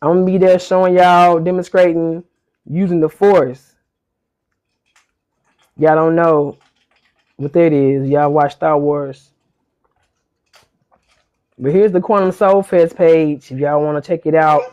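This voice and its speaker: A woman hosting a casual online podcast chat, relaxed and teasing in a colloquial way. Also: low voice, measured pace, pauses often. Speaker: podcast host.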